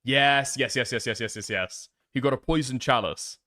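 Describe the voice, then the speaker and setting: A man's voice: mid-range voice, normal speed, bright, forceful tone, no echo, studio quality. A man streaming live, rambling and thinking aloud in casual commentary, with frequent swearing.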